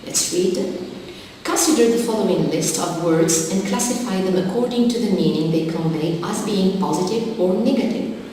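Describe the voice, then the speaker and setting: A woman teaching an English vocabulary lesson on television, spelling out words and their forms in a slow, deliberate way. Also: medium pitch, slight background noise. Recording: loud reverberant hall, distant mic.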